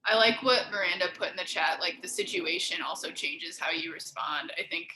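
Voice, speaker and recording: Relaxed woman co-host on a video call. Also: on the low side, normal speed, reverberant, slight background noise. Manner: relaxed, laughs easily, agreeable. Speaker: co-founder and co-host of a design panel. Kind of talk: casual panel chat. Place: home, sitting on a couch.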